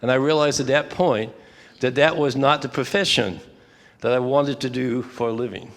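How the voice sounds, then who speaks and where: An older man leading a church prayer workshop, talking in a relaxed, conversational way with frequent asides and restarts. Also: medium pitch, normal speed, creaky, big-room sound. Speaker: workshop leader. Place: church fellowship hall.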